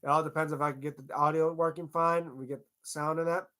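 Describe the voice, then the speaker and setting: A man with a slightly higher-than-usual voice hosts a livestream in a loose, rambling way. He wanders between thoughts, restarts often and drops casual curse words. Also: level tone, a little fast, fairly bright tone. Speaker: livestream host.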